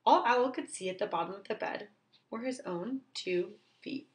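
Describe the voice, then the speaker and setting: A woman teacher reading a children's book aloud, slowly and clearly for young children. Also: medium pitch.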